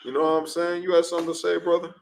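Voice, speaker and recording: A man's voice: fairly high pitch, completely flat delivery, very fast, gravelly, slight background noise, low-quality recording. A man preaching in a street-talk class, emphatic and repetitive, often ending lines with "man". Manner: emphatic, repeats "man", acts out scenes. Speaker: class speaker.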